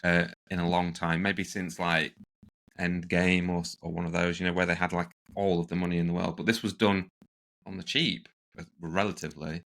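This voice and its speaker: A man's voice: deep voice, little pitch movement, a little fast, vocal fry, a bit bright. A man co-hosting a podcast, chatting enthusiastically and slipping into goofy impressions. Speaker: podcast co-host. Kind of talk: casual chat.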